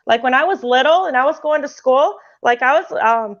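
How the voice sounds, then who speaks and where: A woman's voice: high-pitched, lively intonation, brisk. A woman hosting a casual spiritual chat podcast, talking in a rambling way with many restarts. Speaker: podcast host. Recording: muffled lo-fi sound.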